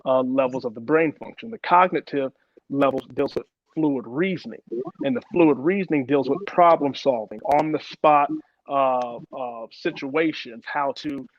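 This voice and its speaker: Man, young adult, halting speech, many restarts, dry, lo-fi. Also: mid-range voice, no room sound. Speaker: interviewee. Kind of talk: personal testimony in an interview. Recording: dull lo-fi sound, dry.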